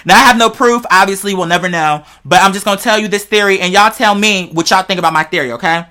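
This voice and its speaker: Medium in pitch and quick with the words, the host spins wild theories in loose, profane slang. It's casual podcast chat, animated and aimed right at the audience.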